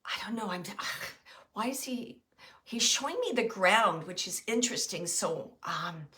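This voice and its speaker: A woman's voice: mid-range voice, lively intonation, normal speed, sharp tone. A woman doing a live psychic reading for viewers, hesitant and thinking aloud with many fillers as she describes her impressions. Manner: describes impressions as they come. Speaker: psychic medium.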